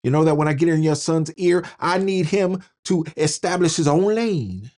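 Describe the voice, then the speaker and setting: A man's voice: a little high, moderate pace, a little mellow. Preachy male commentary host. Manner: preachy, rhythmic repetition. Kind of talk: political commentary.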